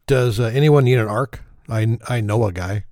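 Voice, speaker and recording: A man's voice: mid-range voice, moderate pace, mellow, no echo, studio quality. A man telling a string of dad jokes, self-mocking and chuckling at his own punchlines. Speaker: joke teller.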